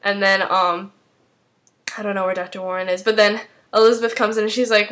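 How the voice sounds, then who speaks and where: A woman's voice: mid-range voice, flat delivery, a little fast, a bit bright. A woman in a casual spoken recap as a fan, chatting loosely with lots of "um" and "like" fillers. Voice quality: rambling with many fillers, chatty.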